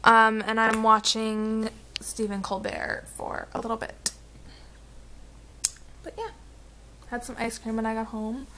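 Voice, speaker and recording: A young woman with a fairly high voice talks through her vacation in a relaxed vlog. She rambles along, filling gaps with "um" and "like". Faint noise sits under her voice. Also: unhurried, pauses often, poor audio. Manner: chatty, rambling, with frequent "like" and "um". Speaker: vlogger.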